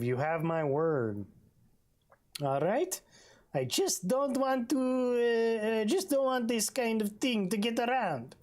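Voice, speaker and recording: Gamer putting on a squeaky nosy hotel guy with a goofy accent, way high pitched, video game dub. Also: a little mellow.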